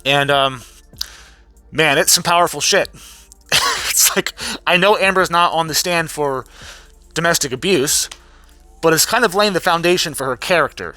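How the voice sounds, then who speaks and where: A young man giving a casual, profane recap vlog, animated and full of fillers and restarts. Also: on the high side, no room sound. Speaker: vlogger recapping a trial.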